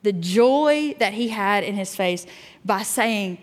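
A woman youth pastor preaches a sermon in a candid, storytelling way, full of fillers and restarts. Her voice sits at a middle pitch. The sound carries a long reverb from a large hall. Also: expressive, slow pace.

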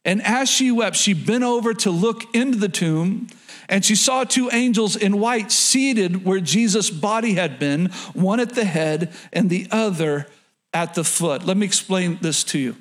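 High-voiced pastor preaching emphatically. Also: male voice, measured pace. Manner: emphatic, repeats phrases, addresses congregation directly. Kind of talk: sermon. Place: church in front of a congregation.

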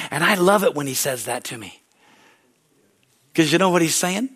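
A male pastor preaching a sermon in a church service, telling stories animatedly and laughing loudly. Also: on the high side, moderate pace, pauses often, breathy edge. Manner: loud laugh, animated storytelling.

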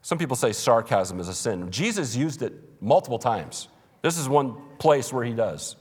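A man's voice: medium pitch, sing-song, moderate pace, breathy edge, in a large hall. A man preaching a sermon as pastor, emphatic and conversational, with humorous asides. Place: church.

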